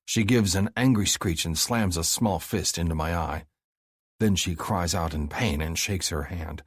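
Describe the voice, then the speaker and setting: A man reading a novel aloud in first person, measured and intense. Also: sits low, slightly rough, no echo, clean studio sound. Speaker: audiobook narrator. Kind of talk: scripted first-person narration.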